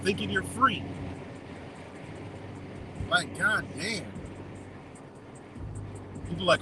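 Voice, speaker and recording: A man's voice: extremely high pitch, wildly swooping pitch, takes it slowly, long pauses, noisy background. A man ranting heatedly and with a lot of profanity on an outdoor live stream by a wintry lake.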